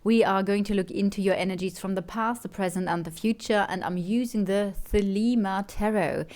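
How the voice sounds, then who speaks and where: A woman doing a tarot card reading. She talks in a chatty way, corrects herself, and softly repeats her questions while she draws the cards. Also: mid-range voice, steady tone, moderate pace. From Germany. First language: German. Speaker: tarot reader.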